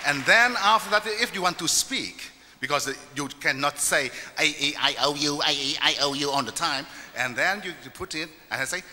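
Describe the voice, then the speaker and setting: Bright Vietnamese man explaining instruments live. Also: on the high side, moderate pace, hardly any pauses, big-room sound, a little hiss or hum. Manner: friendly, explaining in simple broken English. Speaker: folk musician demonstrating instruments. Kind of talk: live demonstration to an audience.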